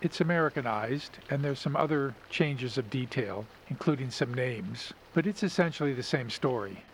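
A man hosting a story podcast, reading and comparing versions in a measured, analytical way. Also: mid-range voice, expressive, slight background noise. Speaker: podcast host.

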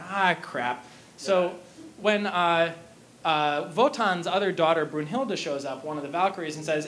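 A man's voice: on the high side, moderate pace, fairly bright tone, a little hiss or hum. A man retelling an opera plot in a casual, jokey way to an audience, with lots of fillers and restarts. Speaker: lecturer.

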